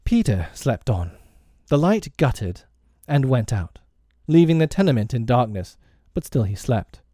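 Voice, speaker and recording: Mellow-voiced man reading a storybook. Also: mid-range voice, big pitch swings, unhurried, no room sound, studio quality. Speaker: audiobook reader. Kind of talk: storybook narration.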